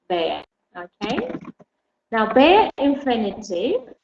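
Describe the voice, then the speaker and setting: A woman teaching a class online, explaining slowly and patiently and putting questions to her students. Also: fairly high pitch. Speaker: English teacher. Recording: dull echoey room with faint hum.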